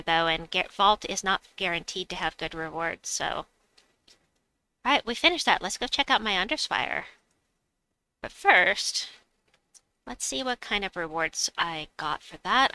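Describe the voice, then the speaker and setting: A woman's voice: mid-range voice, bright, forceful tone, no room sound, poor audio. Woman, casual game stream chatter, laughs a lot, dry close sound. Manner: chatty, reads chat aloud, laughs often. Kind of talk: casual live-stream chat.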